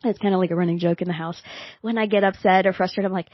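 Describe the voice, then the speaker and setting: A woman's voice: fairly low pitch, fairly even intonation, fast, no echo. A woman hosting her own podcast in a candid, chatty and self-mocking way. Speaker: podcast host. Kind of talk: conversational solo podcast. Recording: dry, slightly dull podcast audio.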